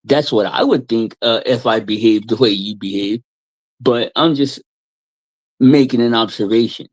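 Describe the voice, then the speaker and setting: A man's voice: mid-range voice, normal speed, no room sound. Profane ranting man, dull dry audio. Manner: profane, ranting, mocking with put-on voices. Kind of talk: heated call-in chat.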